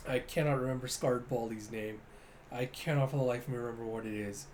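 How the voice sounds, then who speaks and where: A man casually reading through a comic chapter and giving animated commentary, with quick asides. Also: mid-range voice, slight background noise. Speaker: comic reader and reviewer.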